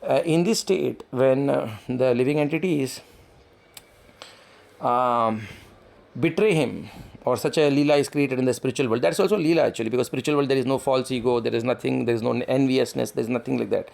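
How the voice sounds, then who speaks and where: A man giving a devotional lecture as a spiritual teacher, talking in a halting way with many restarts and fillers. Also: mid-range voice, vocal fry, a little mellow.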